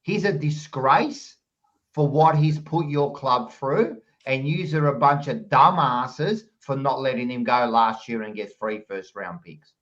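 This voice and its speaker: A man's voice: medium pitch, measured pace, fairly bright tone, highs cut off. An Australian man hosting a footy chat show, blunt and heated, who swears freely and argues hard. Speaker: podcast host.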